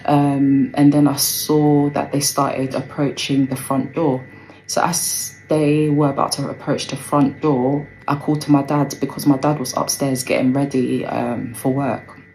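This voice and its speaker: A woman's voice: very deep voice, level tone, a little slow, a little mellow, slight background noise, rough recording. A young woman tells a personal story in a casual, rambling way, full of fillers. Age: young adult. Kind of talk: storytime recounting a personal experience. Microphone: phone.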